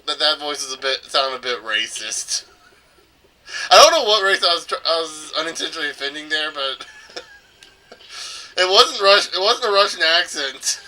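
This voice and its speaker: A man's voice: a little high, animated, moderate pace, pauses often, sharp tone, slight background noise, rough recording. A man from North Carolina hosting a let's play, rambling and thinking aloud as he comments on the game. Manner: rambling, thinking aloud with filler and self-corrections. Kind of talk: casual gameplay commentary.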